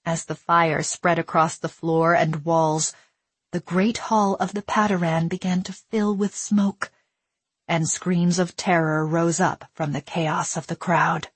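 A woman reading a novel aloud in steady, dramatic storytelling narration. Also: fairly low pitch, unhurried, slightly rough, no echo. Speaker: audiobook narrator. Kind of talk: scripted narration.

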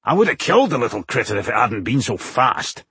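A male narrator voicing an eager, hot-headed male dwarf warrior who talks loudly and gruffly. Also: mid-range voice, takes it slowly, dry recording, full character voice. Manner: loud, excitable, gruff. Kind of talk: audiobook character voice.

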